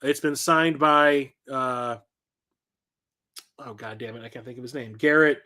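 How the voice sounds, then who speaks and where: A man's voice: medium pitch, measured pace, bright, forceful tone. A middle-aged man hosting a casual show-and-tell vlog about his collection, telling rambling anecdotes full of fillers and self-corrections. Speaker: collector and channel host.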